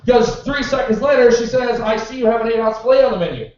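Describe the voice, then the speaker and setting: In an echoey bar room, a man with an extremely high, slightly mellow voice talks quickly through a stand-up set at an open-mic night. He tells sarcastic, profane stories about the customers he serves as a bartender, picked up by a distant, dull mic.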